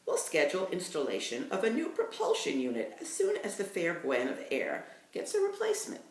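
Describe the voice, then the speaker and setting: A woman's voice: deep voice, wildly swooping pitch, a little fast, exaggerated voice. A woman reading aloud, voicing a small brainy boy who speaks in stiff, formal words. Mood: grandly formal. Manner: formal, precise wording. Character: small brainy boy, fierce, talks like a dictionary. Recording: roomy, distant from the mic.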